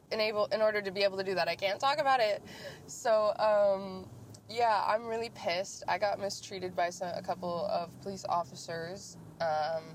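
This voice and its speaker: A young woman hosting a casual podcast while driving, rambling and swearing freely as she vents. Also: lowish voice. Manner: profane, venting, rambling. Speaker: podcast host. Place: inside a car in the rain. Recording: noisy car interior.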